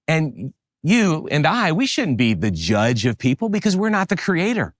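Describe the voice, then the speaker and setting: A middle-aged pastor from the New Orleans area with a Southern American accent, giving an animated sermon with emphatic rises. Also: male voice, mid-range voice, moderate pace, no room sound, clean studio sound.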